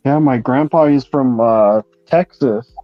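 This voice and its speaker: A man chatting casually and calmly while he paints, explaining as he works. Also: mid-range voice, unhurried, dry recording, faint music behind. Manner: relaxed, explains while working. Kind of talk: casual chat. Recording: dull lo-fi sound.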